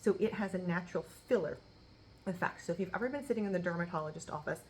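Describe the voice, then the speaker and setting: A woman's voice: on the low side, quick pace, darkish tone, slight background noise, low-quality recording. A woman in her thirties chatting casually through a skincare review, laughing often and acting out bits of remembered dialogue. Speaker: beauty vlogger.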